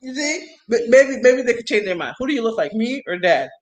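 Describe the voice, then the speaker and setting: A woman's voice: a little high, a little fast, low-quality recording. A woman hosting a casual livestream on a phone, chatting with viewers and telling stories full of slang and laughter. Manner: animated storytelling with slang and laughs. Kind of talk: casual chat.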